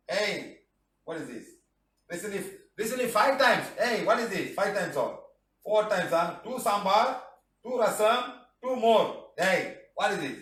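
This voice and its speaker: High-voiced, a bit bright, with lively intonation and a measured pace, this middle-aged healing teacher jokes through a live class. He reads viewer comments aloud and finishes phrases with "huh?" and "lah"; the distant mic catches roomy echo.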